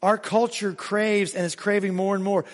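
High-voiced preaching man in a reverberant hall. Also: little pitch movement, normal speed. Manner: emphatic preaching with sudden rises and hushed drops. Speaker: pastor. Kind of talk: sermon.

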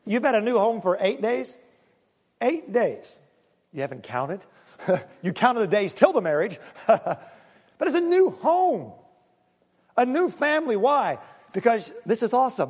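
High-voiced pastor guy preaching, super animated, jokes around, big church reverb. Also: husky. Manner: lively, joking, emphatic preaching with audience asides. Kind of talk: sermon. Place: church sanctuary. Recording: long reverb of a church hall.

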